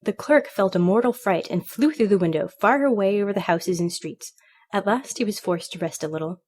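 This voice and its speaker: A woman reading a fairy tale aloud in a measured, expressive storytelling manner. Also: mid-range voice. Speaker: storybook reader. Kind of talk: scripted narration.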